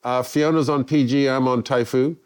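Older English man telling lively stories. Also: mid-range voice, normal speed, clean tone. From England. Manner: lively, acts out quoted voices. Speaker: guest. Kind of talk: anecdotal storytelling.

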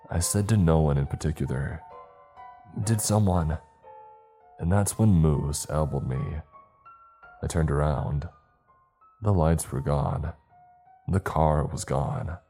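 A man with a deep, dark voice narrates a scripted horror story slowly and ominously, with faint music underneath.

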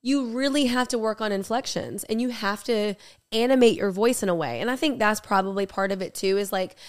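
A young woman co-hosting a podcast in casual, jokey chat, talking in quick bursts. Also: mid-range voice, smooth. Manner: chatty, jokey, talks fast in bursts. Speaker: podcast co-host.

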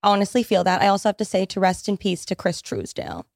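A young woman hosting a casual podcast chat, excitable, with gasping and laughing reactions. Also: mid-range voice, fast, vocal fry, no echo, studio quality.

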